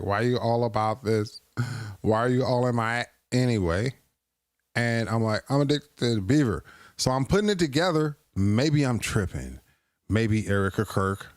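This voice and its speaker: A man's voice: on the low side, no echo, studio quality. A man hosting a livestream, chatting casually as he reacts to clips in a rambling, joking, self-deprecating way. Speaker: livestream host.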